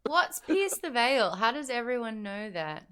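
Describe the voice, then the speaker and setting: A woman's voice: on the high side, big pitch swings, measured pace, a bit bright, slight background noise. A tired Australian woman hosting a book club live stream, chatting playfully and thanking viewers by name. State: tired, sleepy. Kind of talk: casual live stream chat.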